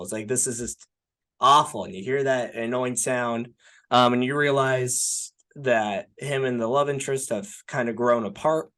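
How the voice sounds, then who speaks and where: With a pushed, bright, medium-pitched voice at normal speed, a young man co-hosts a podcast and chats casually about films. He rambles a lot and leans on fillers, saying "like" and "right?" often.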